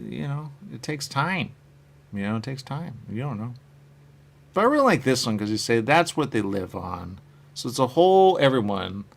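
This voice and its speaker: A man hosting a live stream, chatting in a rambling, casual way about his comic covers and answering viewer comments, often trailing off quietly at the ends of his phrases. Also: medium pitch, creaky.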